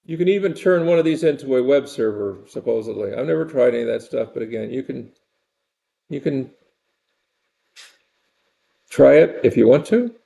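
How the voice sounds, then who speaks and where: Older male lecturer, gravelly and mellow. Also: mid-range voice, lively intonation, normal speed, long pauses. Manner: rambling, conversational, repeats phrases. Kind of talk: university lecture.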